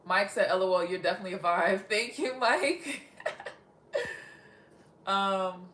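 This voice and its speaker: A woman's voice: medium pitch, a little slow, a bit bright, roomy sound. A young woman from Texas casually chatting on a livestream, reading viewer comments aloud and often giggling. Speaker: livestream host.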